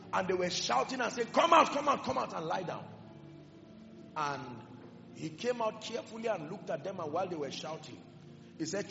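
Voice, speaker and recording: A man preaching a sermon with passion, swinging between loud declarations and hushed emphasis. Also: high-pitched, creaky. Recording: echoey hall with music behind, dull sound. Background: music.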